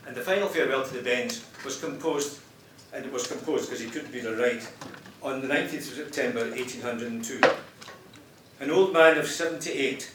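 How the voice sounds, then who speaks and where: A man introducing and reading poems at a conference in a measured, explanatory way. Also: mid-range voice, far from the mic. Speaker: presenter of poems. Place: conference hall. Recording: roomy hall with faint noise.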